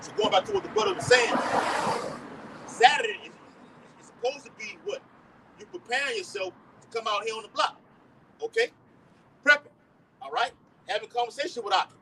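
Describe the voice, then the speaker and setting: A man's voice: very high-pitched, very animated, brisk, creaky, pauses often, pushed and bright. A man preaching outdoors on the block, cursing and citing scripture chapters. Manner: profane, quotes scripture chapters. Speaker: street preacher. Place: outdoors on a street. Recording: distant mic, faint street noise.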